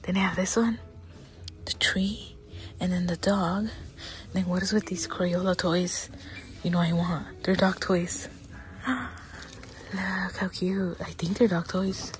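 Slow-talking woman gushing softly in a store. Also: fairly low pitch, soft background music. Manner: slow, excitable, often drops to a whisper. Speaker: vlogger. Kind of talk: casual shopping vlog. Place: inside a large store.

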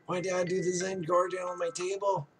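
A man casually commentating a game he is playing, soft-spoken and rambling, making fun of himself. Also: high-pitched, level tone, fairly quick, background noise. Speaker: gaming YouTuber. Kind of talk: casual let's-play commentary.

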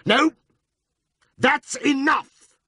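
A man's voice: on the high side, big pitch swings, moderate pace, dry recording, studio quality, pitched above the performer's own voice, heavily acted. A man putting on a jovial boss gone ominously cold. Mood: outraged. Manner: ominous quiet then outraged shouting.

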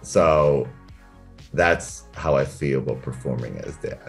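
A man's voice: rumbling low, slow pace, creaky, soft background music. A man talking as a guest in a casual interview, reflective and thinking aloud about his work. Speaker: interview guest, comedian and character performer.

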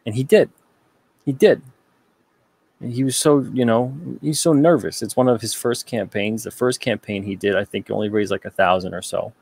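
A man with a low, gravelly voice hosts a casual livestream and reads viewer comments aloud. He answers them in a rambling, joking way, full of self-deprecating asides. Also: normal speed, darkish tone, no room sound. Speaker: publisher host reading viewer comments.

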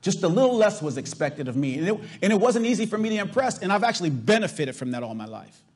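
Emphatic preaching man, fairly high voice. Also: very animated, fast talker, darkish tone. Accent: Californian. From US South. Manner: emphatic preaching with rhetorical questions to the congregation. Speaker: pastor. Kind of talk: sermon.

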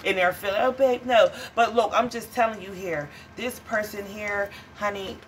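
A woman's voice: medium pitch, steady tone, normal speed, a little hiss or hum. A woman giving a casual tarot reading to viewers, blunt, profane and dramatic, calling them honey and child. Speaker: tarot reader.

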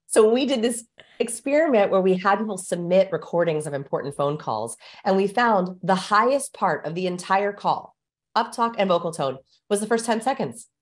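A woman's voice: medium pitch, normal speed. A woman guest expert in an interview, explaining and coaching with energy and walking the listener through exercises. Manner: energetic, coaching, demonstrates vocal examples. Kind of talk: instructive interview talk.

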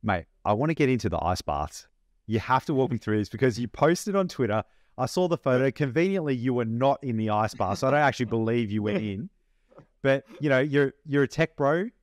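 A man's voice: medium pitch, animated, brisk, no room sound, clean studio sound. A man co-hosting a podcast, asking curious questions and teasing his friend in a casual way. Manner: curious, teasing questioner, calls people "mate". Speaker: podcast co-host.

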